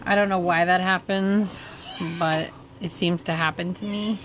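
A woman's voice: fairly low pitch, steady tone, a little slow, background noise. A woman hosting her vlog in casual chat, teasing and playful. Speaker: vlog host.

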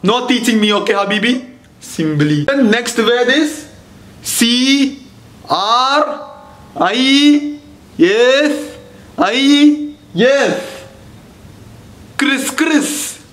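A man putting on a pushy, high-voiced teacher with a thick Arabic accent, who spells out words slowly and scolds anyone who corrects him. The sketch is recorded in a roomy, echoey space. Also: expressive, a bit bright, heavily acted. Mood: bossy. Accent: Arabic-accented English. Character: bossy male English teacher, wrong but stubborn. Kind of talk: comedy sketch.

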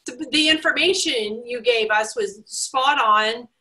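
A woman's voice: fairly high pitch, measured pace, sharp tone, low-quality recording. A woman hosting a casual interview, chatty and gushing, with lots of fillers. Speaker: host.

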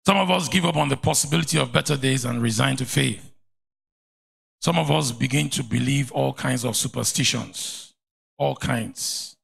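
A man with a Nigerian accent, a pastor preaching a sermon in a church, animated and mocking at times. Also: mid-range voice, moderate pace. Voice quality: gravelly.

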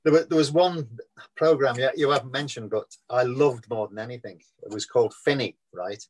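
A man's voice: mid-range voice, normal speed, husky, poor audio. Chatty older Scouse man telling stories. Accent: Liverpool Scouse. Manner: chatty storyteller, laughs often at his own tales. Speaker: actor guest. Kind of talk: casual anecdotal interview.

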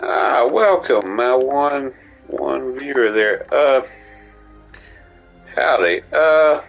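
A man's voice: mid-range voice, lively intonation, drawn-out words, creaky, muffled recording, soft background music. A man streaming a game live, rambling goofily and talking to himself. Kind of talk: live gameplay stream chat.

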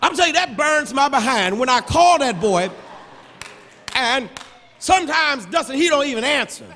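A male pastor preaching a sermon, building into shouted, sing-song cadences with touches of humor. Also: very high-pitched, expressive, normal speed, slight background noise. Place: large church sanctuary. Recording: long church reverb.

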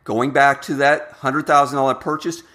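A man's voice: medium pitch, level tone, moderate pace, pushed and bright. A man hosting a money channel, talking through investment examples in an emphatic, repetitive way. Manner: emphatic, repeats key words, spells out examples. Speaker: finance channel host. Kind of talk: scripted-sounding investing talk to camera.

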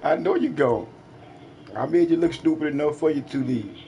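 A man's voice: a little high, normal speed, dark tone, highs cut off, a little hiss or hum. A man trash-talking another player during an online game, taunting and mocking with repetitive jeers.

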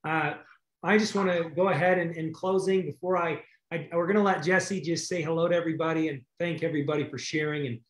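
Casting: grateful male host, higher voice, roomy echo on a video call. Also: steady tone, a little fast. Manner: warm, grateful, rambling with restarts. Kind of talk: casual hosting and announcements. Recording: echoey room on a video call.

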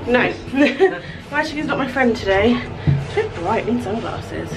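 A woman's voice: on the high side, animated, a little slow, over music. A woman talking chattily and bubbly to a handheld vlog camera while walking a city, laughing often. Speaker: travel vlogger. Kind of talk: casual travel vlog. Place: walking outdoors in busy city streets. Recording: street noise behind the voice.

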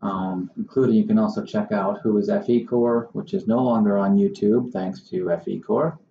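A man hosts his own channel, talking to the camera in a casual, wry and exasperated way. His voice is low, gravelly and dark. The recording sounds muffled and roomy, with a faint hiss underneath. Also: moderate pace. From Southern Maine. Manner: wry, exasperated, mocking impressions of others. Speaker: surveyor and channel host.

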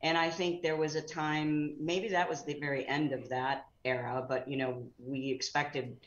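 A woman's voice: low-pitched, level tone, moderate pace, roomy sound, lo-fi sound. A middle-aged woman chatting casually as a guest actress, rambling a little with fillers as she talks. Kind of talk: casual chat.

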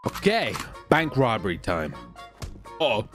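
A man's voice: on the low side, expressive, normal speed. A man streaming a game role-play, joking and mischievous as he comments. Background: background music.

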